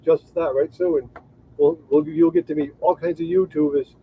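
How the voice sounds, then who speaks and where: This co-host of a travel livestream speaks at a moderate pace with a fairly high pitch and fairly even intonation. He thanks viewers in a rambling way, often starting sentences over. The audio is tinny and phone-like, with slight background noise.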